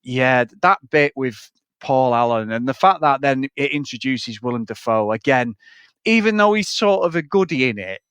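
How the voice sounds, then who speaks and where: Sweary, animated man. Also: medium pitch, moderate pace, clean tone, dry recording. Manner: swears often, animated, acts out film lines. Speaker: podcast co-host. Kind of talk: casual film-review chat.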